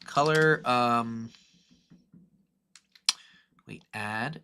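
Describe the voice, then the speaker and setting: A young man streaming a live software tutorial, thinking aloud in an excitable, rambling way with many fillers and self-corrections. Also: a little high, unhurried, long pauses. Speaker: streamer teaching 3D modeling.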